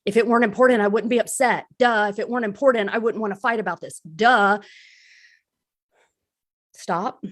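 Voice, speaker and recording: A woman's voice: medium pitch, normal speed, pauses often. A woman speaking in a candid, self-deprecating way, giving a casual recovery talk on a live stream as a crisis support speaker.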